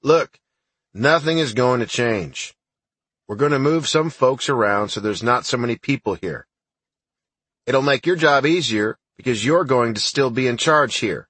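A man voicing a gruff, blunt older army sergeant in an audiobook, with a husky voice. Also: medium pitch, a little slow, a bit bright, no echo, pitched above the performer's own voice.

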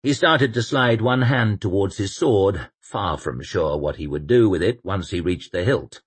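Husky male audiobook narrator. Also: low voice, no room sound. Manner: measured, expressive storytelling. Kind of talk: scripted narration.

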